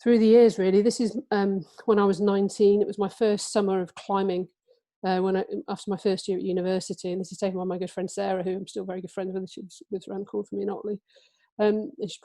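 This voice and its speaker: A woman in her forties from England talks about her book to a listening audience, halting often with fillers and restarts. Her voice is mellow and fairly flat in pitch. The sound is dry and close. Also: no room sound. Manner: hesitant, many fillers and restarts. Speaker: author giving a book talk. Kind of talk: illustrated talk with book reading.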